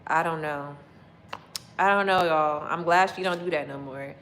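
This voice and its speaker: A woman with a slightly low voice chats casually with her viewers from her kitchen. She laughs often and acts out little quotes as she goes, lively and chatty. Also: normal speed, a little hiss or hum, poor audio. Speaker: livestream host chatting with viewers. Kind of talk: casual chat.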